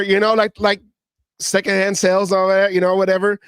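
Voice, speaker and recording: High-voiced excitable male sports host. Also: a little fast, smooth, no echo. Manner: animated, stammering and repeating words; mimics others in quoted voices. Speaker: podcast host. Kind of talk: casual sports chat.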